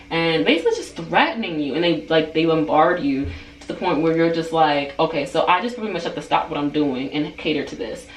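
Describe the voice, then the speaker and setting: A woman telling a story on her vlog in a casual, animated way, full of "like" and "um" fillers. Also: fairly quick. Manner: animated, rising to high-pitched outbursts when retelling anger; frequent "like" and "um" fillers. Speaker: vlogger. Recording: roomy echo, distant mic, faint background hiss.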